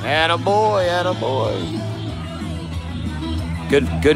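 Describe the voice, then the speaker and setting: A rowdy, excitable man chattering loudly at ringside during a live wrestling show. His voice sits fairly high and leaps around all over the place. Loud music plays behind him on the phone recording. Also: takes it slowly, long pauses, rough recording. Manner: rowdy, excitable, swears freely. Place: indoor wrestling event in a crowd.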